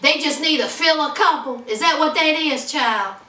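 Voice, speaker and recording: Sassy high-voiced woman recapping reality TV. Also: normal speed, bright, forceful tone, roomy sound, far from the mic. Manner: sassy, dramatic, gossipy. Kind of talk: casual commentary.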